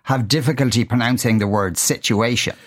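A man's voice: medium pitch, fairly quick. A man hosting a radio show, wry and joking with his guest. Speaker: radio host. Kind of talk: radio studio chat. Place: radio studio.

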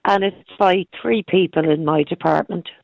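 A hoarse middle-aged woman calling in to a radio show, talking in halting, earnest bursts that repeat words. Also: lowish voice, a little mellow, no room sound, muffled recording. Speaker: caller. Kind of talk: phone-in radio call.

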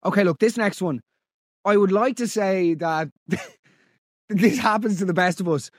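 An Irish man hosting a podcast, mocking listener stories in comic commentary with big theatrical swings in pitch. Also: measured pace, no echo, studio quality. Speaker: podcast host.

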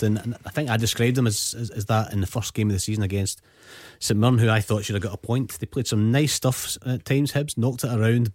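A man's voice: fairly low pitch, dark tone, dry recording, studio quality. A man with a Scottish accent talking football on a radio show, rambling and repeating himself. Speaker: football pundit. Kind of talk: casual sports radio chat.

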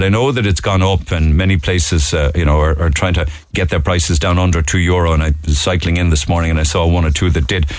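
A middle-aged Irish man with a low voice, recorded dry, hosts a radio talk show in a casual monologue. He runs through the day's stories chattily, full of fillers and asides, his voice leaping up when he gets indignant.

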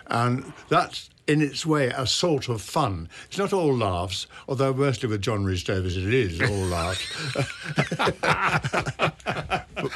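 A man's voice: medium pitch, a little hiss or hum. An older man, an actor, talking thoughtfully in an interview and restarting his phrases as he reflects. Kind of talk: interview conversation.

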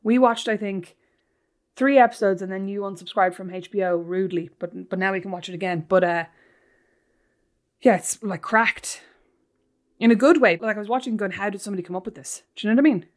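A woman co-hosting a podcast with her sister, teasing her and telling stories in a lively, casual way. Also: medium pitch, brisk, long pauses. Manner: teasing, animated storyteller. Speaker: podcast co-host. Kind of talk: casual chat.

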